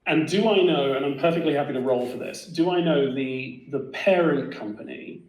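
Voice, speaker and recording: A man playing a tabletop game, talking in quick, chatty bursts. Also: a little high, a little mellow. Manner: quick, chatty, laughing asides. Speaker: player. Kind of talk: casual tabletop game chat. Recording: roomy echo.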